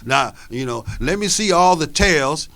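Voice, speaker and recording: A man's voice: a little high, animated, measured pace, sharp tone, exaggerated voice. A man voicing a big male Great Dane who gives an earnest speech to a crowd of dogs, in spoken word storytelling. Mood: rallying. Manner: earnest speechmaking, repeating points.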